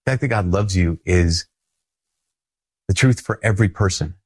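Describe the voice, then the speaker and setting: A man with a Minnesotan accent giving an earnest, conversational sermon as a Catholic priest, often repeating phrases and laughing softly. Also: sits low, normal speed, slightly rough.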